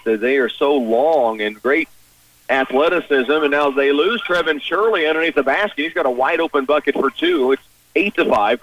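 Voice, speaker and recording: A man calls a high school basketball game for radio, firing off short play-by-play phrases that climb when a shot falls. His voice sits in a middle register and sounds set back a little from the microphone. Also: fairly bright tone, highs cut off. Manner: rapid clipped play calls, rising at big shots. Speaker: play-by-play announcer. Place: high school gym broadcast position. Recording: broadcast radio, mic at a distance.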